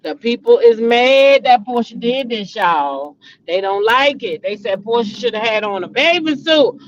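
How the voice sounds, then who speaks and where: Animated woman dishing gossip, lo-fi sound. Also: on the high side, a little slow. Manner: animated, dramatic, chatty, addresses viewers as y'all. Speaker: vlogger, show host. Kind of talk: casual celebrity gossip chat. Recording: dull lo-fi recording.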